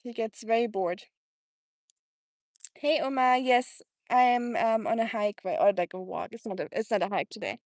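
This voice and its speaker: A woman's voice: a little high, normal speed, darkish tone, no room sound, studio quality. A woman from Germany with a German accent, chatting casually on a live stream during an outdoor walk, laughing often and cooing at her dog. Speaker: livestreaming vlogger. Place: outdoors by water on a sunny walk.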